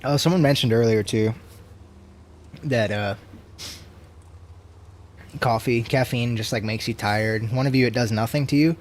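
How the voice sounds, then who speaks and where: A man in his twenties chatting casually to his stream, tipsy, swearing a lot and swinging between loud rants and low mumbles. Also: a little slow, pauses often, a little hiss or hum. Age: 20s. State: tipsy from drinking.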